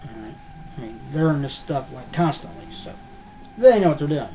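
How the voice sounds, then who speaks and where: A man's voice: on the high side, animated, normal speed, mellow, a little hiss or hum. A man chatting in a rambling, casual way as he unboxes collectibles, with lots of ums and the odd curse word. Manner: rambling, filler-heavy, mildly profane. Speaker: unboxing vlogger. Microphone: computer webcam.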